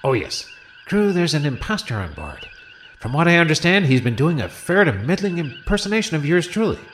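A scatterbrained politician whines and drifts off topic in a slightly high voice, as a man acts it out. His pitch bounces all over. Faint noise hangs behind it. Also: big pitch swings, brisk, fairly bright tone. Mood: rambling. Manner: whiny, rambling, easily distracted. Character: fretful, scatterbrained male politician crewman. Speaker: voice actor.

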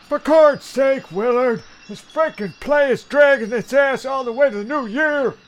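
A man's voice: extremely high pitch, measured pace. A man playing an exasperated, cursing cohost who wants the play to hurry up. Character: grumpy impatient male show cohost. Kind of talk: comedy radio-play acting.

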